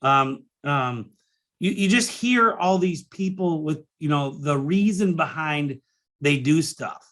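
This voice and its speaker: A middle-aged man talks through his solo podcast in a loose, rambling way, often stopping to restart a sentence. His voice sits a bit high for a man and has a bright, forceful edge. He gets openly emotional and swears now and then without a second thought. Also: expressive, takes it slowly. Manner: swears casually. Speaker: podcast host and business coach. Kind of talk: casual solo podcast monologue.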